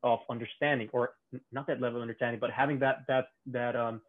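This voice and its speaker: A man's voice: mid-range voice, little pitch movement, fast talker. Rambling man on a tinny call line. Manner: rambling, many restarts, laughs often. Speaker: podcast co-host on a call. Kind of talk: casual chat. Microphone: remote call. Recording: tinny phone-like call audio.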